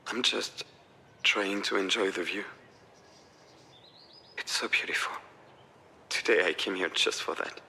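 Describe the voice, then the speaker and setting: An actor playing a weary, troubled man reaching out to his family, speaking in a subdued, husky voice for a game. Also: deep voice, measured pace, pauses often, bright, forceful tone, a little hiss or hum, heavily acted. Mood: melancholy. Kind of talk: game voice acting.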